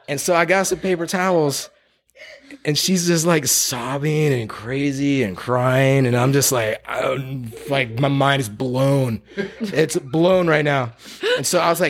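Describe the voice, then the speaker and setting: A man, a real estate agent, telling a story in casual chat, slangy and quick to laugh. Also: medium pitch. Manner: animated, slangy, laughs a lot.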